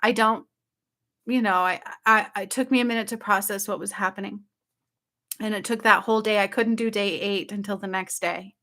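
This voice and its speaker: A woman telling her viewers about a dream in casual, excited speech, often checking in with "okay?" and "like". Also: mid-range voice, fairly quick. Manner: excited, breathless storytelling with frequent "like" and "okay?". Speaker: spiritual channel host.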